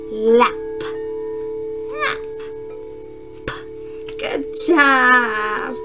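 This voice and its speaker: A woman teaching a phonics lesson to young children, saying words slowly and clearly and repeating them for the class to echo. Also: fairly high pitch. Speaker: kindergarten teacher.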